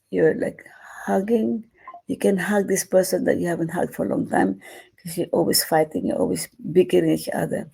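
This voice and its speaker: A woman leading a guided meditation, talking slowly and gently with many repeated phrases. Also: fairly low pitch, gravelly, husky. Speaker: meditation teacher.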